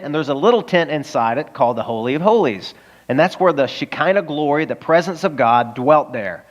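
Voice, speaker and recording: A man preaching a sermon as pastor, talking casually with frequent rhetorical questions to the congregation. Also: on the high side. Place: church service in a high school auditorium.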